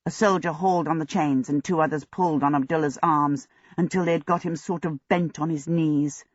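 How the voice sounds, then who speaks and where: Steady audiobook narrator, dry and muffled. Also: medium pitch, fairly quick, no room sound. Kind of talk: scripted narration. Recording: dull lo-fi audio.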